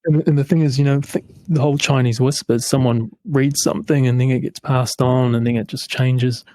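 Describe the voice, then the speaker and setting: A man hosting a casual chat, musing slowly and reflectively, sometimes groping for the right word. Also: medium pitch, steady tone, mellow, no room sound. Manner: reflective, searching for words. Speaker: host.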